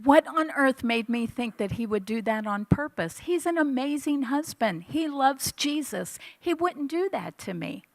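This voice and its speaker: Woman, fifties, sermon storytelling, animated, slightly high voice. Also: measured pace, few pauses, no room sound. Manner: animated storytelling, acting out her own past lines. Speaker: church speaker. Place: church hall.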